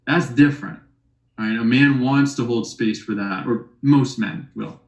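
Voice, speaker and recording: Man, workshop teacher, conversational and teasing, medium-pitched voice, echoey room. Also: lively intonation, normal speed, creaky. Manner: conversational, teasing rhetorical questions. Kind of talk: relationship workshop talk.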